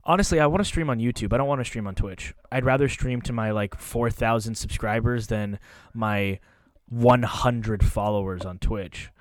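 A man's voice: medium pitch, moderate pace, no room sound. A man talking loosely and candidly as a podcast guest, swearing now and then. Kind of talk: casual podcast chat.

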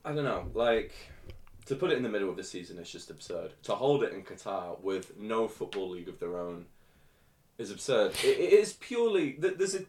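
A man co-hosting a casual podcast, animated and loud, swearing freely into his podcast mic. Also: lowish voice, brisk. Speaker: podcast co-host. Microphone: podcast microphone.

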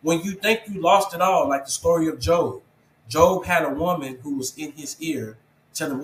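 A man with a slightly high voice talks earnestly in an interview, urging listeners like a preacher and calling them bro. His voice bounces around an echoey room, with a faint hum of ambience behind him. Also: moderate pace, a bit bright. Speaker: interview guest, program founder. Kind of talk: casual interview talk.

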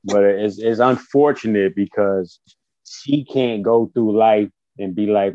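A man's voice: lowish voice, takes it slowly, dark tone, dry recording, highs cut off. A man co-hosting a casual podcast, mostly chiming in with short affirmations and laughter. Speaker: podcast co-host.

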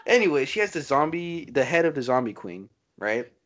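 An excitable man talking over a movie with a friend in a loose, casual podcast chat. He swears freely and rambles, tossing in "dude" and "bro.". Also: medium pitch, a little fast.

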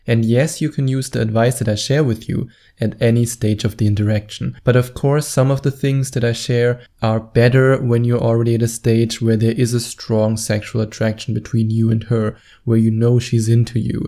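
Confident male dating coach with a dark, gravelly voice, for a straight-to-camera advice spot. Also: medium pitch, little pitch movement, moderate pace, hardly any pauses. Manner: confident and instructive, drawing out words for emphasis. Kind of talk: direct-to-camera advice monologue.

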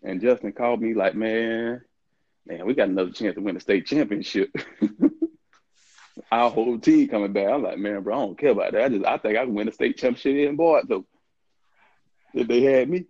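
A middle-aged man with a fairly low, dark voice talks at a moderate pace with long pauses. As an interview guest and ex-college football player, he tells casual stories, voicing quoted dialogue and laughing often. The recording has no echo and the highs are cut off.

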